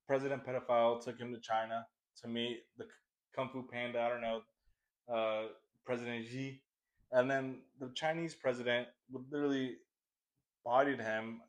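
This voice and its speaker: A young man rants on a casual comedy podcast, swearing freely and wandering from point to point. He laughs often and sounds close to a podcast mic, with a mid-range voice. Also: mid-range voice. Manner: profane, rambling, laughs often. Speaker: podcast host.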